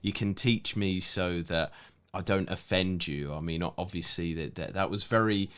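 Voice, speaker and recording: A man co-hosting a podcast in casual chat, chatty and quick to laugh. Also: deep voice, a bit bright, clear, resonant tone. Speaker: podcast co-host, football pundit.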